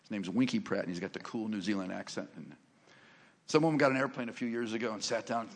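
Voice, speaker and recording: A man with a rough, fry-edged voice delivers a sermon and personal testimony. He tells his stories with humor and then lifts into loud, emphatic preaching. The sound carries the long reverb of a large church sanctuary. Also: lowish voice, fast. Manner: animated, joking storyteller who rises to loud emphasis. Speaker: guest preacher.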